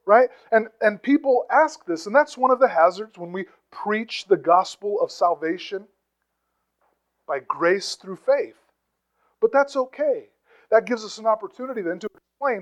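A man's voice: high-pitched, moderate pace, low-quality recording. A man preaching a conversational teaching sermon, with asides, rhetorical questions and emphatic bursts on key phrases. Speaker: pastor.

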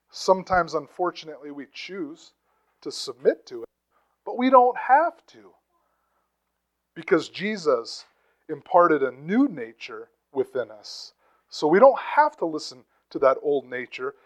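A man's voice: a little high, sing-song, unhurried, rough recording. A man preaching a conversational teaching sermon, with asides, rhetorical questions and emphatic bursts on key phrases. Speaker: pastor.

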